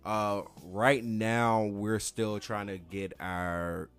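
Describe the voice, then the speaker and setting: A young man co-hosting a casual podcast, bantering loudly and swearing a lot between jokes. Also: lowish voice, little pitch movement, extremely slow, clear, resonant tone, soft background music. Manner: loud, joking, profane banter. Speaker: podcast co-host.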